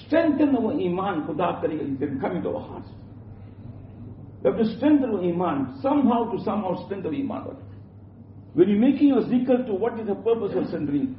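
A man's voice: high voice, big pitch swings, fairly quick. A man giving an Islamic sermon in an emphatic, repetitive way, often restarting his sentences, recorded from a distance in a prayer hall. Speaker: Islamic preacher. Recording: roomy, distant, dull lo-fi with faint hum.

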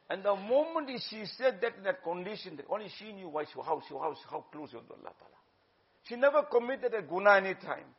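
A man delivers a sermon, urging and exhorting his listeners and slipping into Urdu phrases. His voice sits high for a man. The recording is dull and lo-fi. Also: sing-song, fast talker. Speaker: preacher.

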